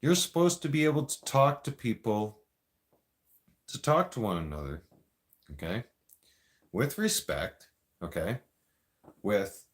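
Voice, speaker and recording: A man's voice: lowish voice, lively intonation, a little slow, pauses often. A man hosting a live stream, ranting at his viewers in a confrontational, rambling way, addressing them directly.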